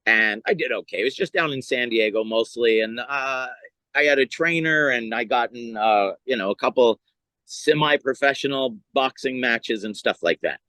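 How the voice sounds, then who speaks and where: A man's voice: mid-range voice, moderate pace, dry recording, low-quality recording. A middle-aged male comedian from California telling stories in a casual podcast chat. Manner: animated storyteller, lively retelling. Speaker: comedian guest.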